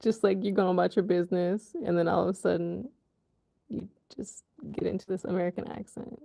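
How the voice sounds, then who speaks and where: A woman's voice: fairly low pitch, steady tone, creaky, mellow. A woman hosting a casual livestream, reading out comments, laughing often and drifting from topic to topic. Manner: slow, laughing, drifts between topics and jokey accents. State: wheezing at times. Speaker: livestream host.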